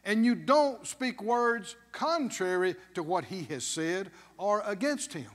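A man's voice: high-pitched, lively intonation, slow pace, in a large hall. A man preaching a sermon as pastor, emphatic, with call-and-response questions to the congregation.

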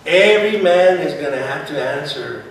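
A man with a somewhat high voice preaches a sermon from a distance in a very echoey room. He peppers his talk with Spanish phrases, "hermano" and "praise God," and his voice swells when he reads scripture aloud. A faint low rumble sits under the recording. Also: lively intonation, normal speed. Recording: very echoey room, voice far from mic.

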